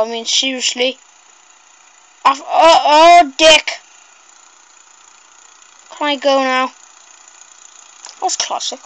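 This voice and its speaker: A woman giving casual, rambling gameplay commentary, excitable and shrieking at mishaps. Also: fairly high pitch, low-quality recording.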